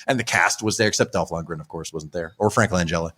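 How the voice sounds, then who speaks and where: A man's voice: sits low, fast, a bit bright, slightly rough. A man hosting a podcast, chatting casually and rambling with lots of restarts and asides. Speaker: podcast host. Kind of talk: casual chat. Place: live stream in front of a comic shop.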